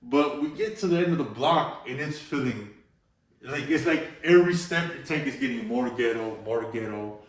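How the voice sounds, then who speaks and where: Profane street-talking storyteller, echoey and distant. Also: male voice, medium pitch, lively intonation, moderate pace. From Los Angeles. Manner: profane street-slang storytelling, says "bro" and "you know" a lot. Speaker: graffiti artist, interview guest. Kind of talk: casual storytelling interview. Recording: echoey room, mic at a distance.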